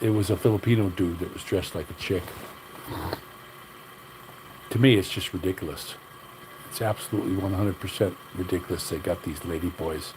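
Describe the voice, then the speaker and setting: A man's voice: on the low side, darkish tone, slight background noise, low-quality recording. An older man hosting a livestream, talking bluntly in a rambling, opinionated way. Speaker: livestream host. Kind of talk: casual livestream rant.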